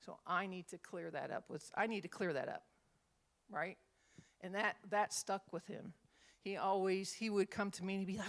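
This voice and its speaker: Lively woman minister teaching Bible study. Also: medium pitch, fairly quick. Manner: animated storyteller, acts out quotes.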